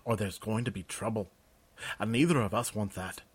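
A man voicing a blunt male army sergeant who speaks firmly in a clipped, quietly threatening way. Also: on the low side, normal speed, slightly rough.

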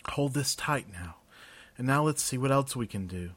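A man voicing a kindly male healer who talks gently, slowly and reassuringly. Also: mid-range voice, animated, slightly rough, dry recording. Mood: soothing.

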